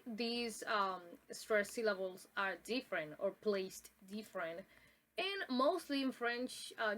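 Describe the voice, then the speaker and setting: A woman's voice: medium pitch, a bit bright, poor audio. Woman giving a recorded pronunciation lesson. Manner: explanatory, with frequent fillers and restarts. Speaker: student presenter. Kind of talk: recorded class presentation. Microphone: self-recorded.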